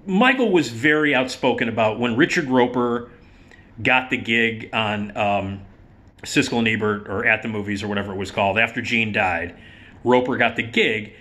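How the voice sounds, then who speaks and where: A man's voice: mid-range voice, bright, forceful tone. A middle-aged man hosting an online film show, talking casually to the camera in a rambling, conversational way with many restarts.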